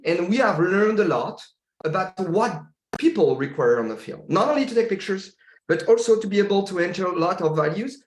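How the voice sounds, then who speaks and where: A man from France with a French accent presenting a product demo on a video call, talking haltingly with many fillers and restarts. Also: sits high, echoey room. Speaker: company founder presenting a demo.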